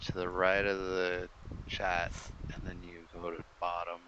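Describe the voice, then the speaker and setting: A man's voice: low voice, completely flat delivery, unhurried, very noisy. A man playing in an online tabletop game, laid-back and joking, over a muffled voice chat line. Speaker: player.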